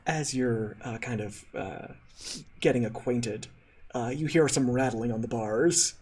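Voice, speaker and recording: A man's voice: mid-range voice, a little slow, a little mellow, recorded from a distance, a little hiss or hum. A man running a tabletop game as game master, narrating with many hesitant fillers.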